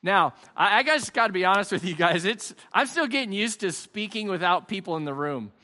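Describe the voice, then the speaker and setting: A man delivers an online sermon in a chatty, joking and earnest way. His voice sits high and bright. A long reverb hangs behind him from the empty hall. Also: lively intonation, brisk. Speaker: pastor. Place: church hall with no audience.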